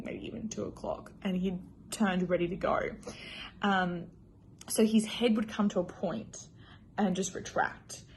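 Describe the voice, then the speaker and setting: A woman's voice: mid-range voice, darkish tone, slight background noise. A young woman casually telling her personal story in a chatty, emotional way, full of fillers. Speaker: new mother.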